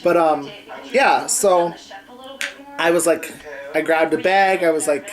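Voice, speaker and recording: A man's voice: fairly high pitch, steady tone, takes it slowly, pauses often, poor audio. A young man recounts a personal story in a casual home vlog. He rambles loosely, piling on fillers and "like"s as he goes. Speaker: vlogger. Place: home bedroom with a TV on.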